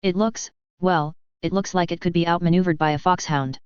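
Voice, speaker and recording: A woman doing a disdainful male fighter ace in a storybook reading, flat and grumbling. Her voice is very smooth and somewhat low, the recording dull and dry. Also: brisk, no room sound, close to an everyday voice. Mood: deadpan. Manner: deadpan, grumbling.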